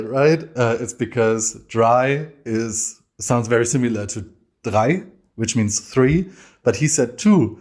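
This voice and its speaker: A man, explaining his culture in a thoughtful, measured, good-humored way. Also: mid-range voice, darkish tone. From Germany. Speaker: interviewed guest. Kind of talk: casual explanation to camera.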